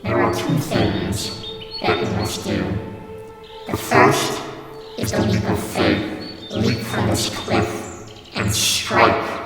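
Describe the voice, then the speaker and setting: Ancient male unicorn spirit, played by a man, slow commanding low voice, drenched in hall reverb over loud music. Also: steady tone. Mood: solemn. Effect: heavy reverb echo.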